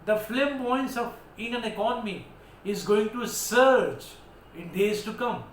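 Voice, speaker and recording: A man's voice: high-pitched, unhurried. Emphatic Indian man teaching vocabulary. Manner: emphatic, declamatory, spells words out letter by letter. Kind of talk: vocabulary lesson. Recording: echoey room with faint background noise.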